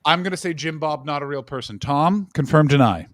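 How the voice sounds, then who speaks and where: Joking North American man, bright voice. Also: on the high side, dry recording, clean studio sound. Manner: quick, joking, animated asides. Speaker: host. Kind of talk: casual chat on a livestream.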